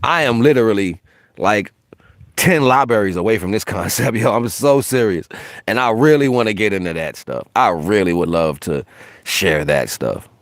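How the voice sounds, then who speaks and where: A brash man talks loosely on a spiritual livestream and swears freely. He breaks into laughter often. His voice sits low and sounds dry and close. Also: animated, normal speed, no room sound. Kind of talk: casual livestream monologue.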